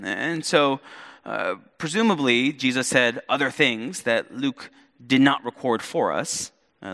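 A man preaching a sermon as pastor, animated, with playful asides to the congregation. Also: mid-range voice. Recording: long hall reverb.

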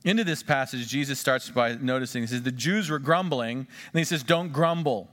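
A man preaching a sermon, swinging between emphatic rises and quiet drops, and drawing the congregation into questions and call-and-response. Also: medium pitch, moderate pace. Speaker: pastor. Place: church sanctuary. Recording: long church reverb.

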